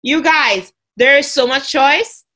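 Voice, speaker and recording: A woman's voice: high voice, slow pace, pushed and bright. A woman co-hosting a podcast, chatting casually and often restarting words mid-thought. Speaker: podcast co-host.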